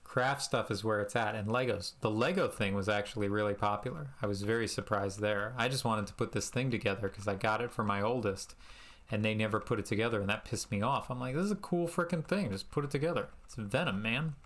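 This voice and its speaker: A man streaming a retro game live, chatting in a rambling, sarcastic and self-mocking way, with sudden high exasperated outbursts. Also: fairly even intonation, brisk, a bit bright. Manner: bursts into high exasperated exclamations.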